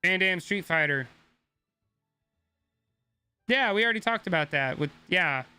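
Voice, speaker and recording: A man's voice: high voice, animated, unhurried, sharp tone, smooth, no echo, soft background music. A young man streaming a game, ranting casually and swearing a lot as he talks to his chat. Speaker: gaming streamer.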